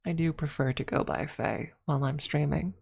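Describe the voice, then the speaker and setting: A woman streamer in a soft-spoken ASMR style, chatting gently with her viewers, giggling and slipping into whispers, calling them her lovelies. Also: low-pitched, fairly even intonation, normal speed, gravelly, slightly rough. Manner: affectionate, calls chat her lovelies.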